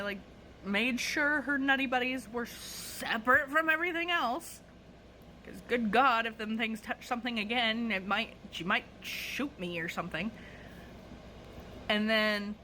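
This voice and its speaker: A woman telling a casual storytime monologue about her cashier job, animated and profane. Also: fairly high pitch, a little hiss or hum, low-quality recording.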